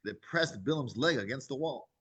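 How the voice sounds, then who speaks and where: Animated man teaching a scripture class. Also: mid-range voice, normal speed, husky. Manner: animated storyteller, acts out quoted voices.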